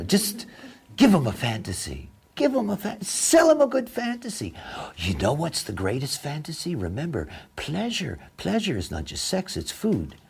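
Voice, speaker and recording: A man giving a spoken lecture in a sardonic, mocking, animated way. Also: on the low side, creaky, breathy edge.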